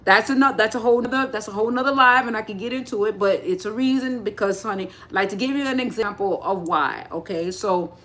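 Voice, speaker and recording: A spiritual teacher gives a live talk, addressing her listeners directly as she rambles with many restarts. Her medium-pitched voice is a bit bright, brisk, with few pauses.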